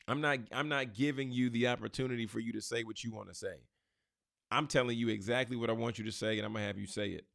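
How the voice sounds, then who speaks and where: A man's voice: medium pitch, fairly even intonation, quick pace, creaky, a bit bright, no echo. Male podcast host, motivational scripture talk, emphatic preacher style, direct to listeners, close dry mic.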